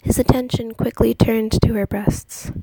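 A woman narrating a story in a soft, hushed, partly whispered reading. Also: a little high, steady tone, a little slow, creaky, slightly rough, no echo.

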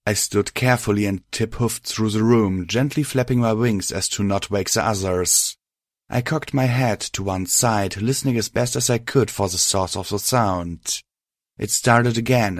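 A man reading a first-person story aloud in a steady, measured way. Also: fairly low pitch, no room sound, clean studio sound. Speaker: reader. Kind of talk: first-person fan fiction audiobook narration.

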